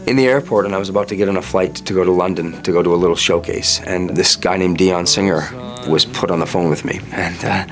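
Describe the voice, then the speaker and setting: Low-voiced, playful male singer. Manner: chatty and playful, with quick restarts. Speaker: singer guest. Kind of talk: casual interview chat.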